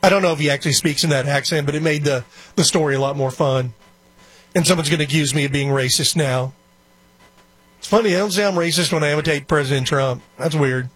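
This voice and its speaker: A man's voice: fairly high pitch, fast, fairly bright tone, no room sound. Chatty opinionated male radio host. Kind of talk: casual talk radio commentary. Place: radio studio.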